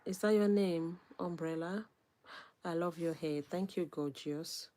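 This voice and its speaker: Woman, YouTuber, livestream chat, slow delivery, reads comments, soft-spoken. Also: fairly low pitch. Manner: reads viewer names, gives shout-outs; soft, unhurried, drops to near-whisper at times.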